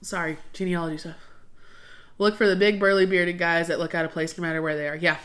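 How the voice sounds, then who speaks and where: A woman's voice: lowish voice, flat delivery, fast, fairly bright tone. A young woman hosting a casual livestream, chatting with viewers in a rambling way full of fillers. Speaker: livestream host.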